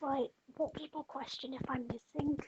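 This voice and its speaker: A woman voicing a young male ally in a tabletop game, an eager and easily swayed character who talks in quick, excitable exclamations. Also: sits high, slight background noise, lightly acted. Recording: muffled lo-fi mic.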